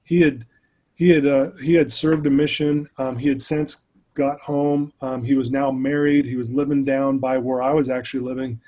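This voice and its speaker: A man's voice: medium pitch, flat delivery, moderate pace, mellow. A man recounting his own struggles in an interview, speaking earnestly and candidly as a speaker and mentor. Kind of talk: personal storytelling in an interview.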